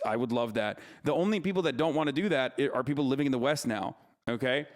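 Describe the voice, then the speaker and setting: A man in his thirties ranting profanely and mockingly as a livestream streamer reacting to content. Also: mid-range voice.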